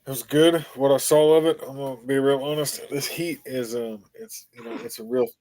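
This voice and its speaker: A man's voice: mid-range voice, steady tone, normal speed, a little mellow, no room sound. A man joining a casual podcast chat, easygoing and candid, with hesitant fillers.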